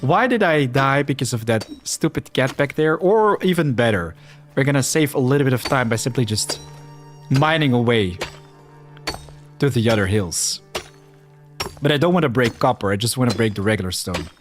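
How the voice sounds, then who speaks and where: Flemish man streaming with animated pitch. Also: moderate pace, music in the background. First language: Dutch. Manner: rambling, self-deprecating, talks to chat. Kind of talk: casual livestream chat over gameplay.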